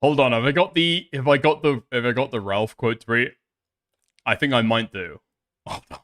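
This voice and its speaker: A man's voice: mid-range voice, normal speed, fairly bright tone. A young man doing casual stream commentary, swearing often, laughing and making sarcastic asides.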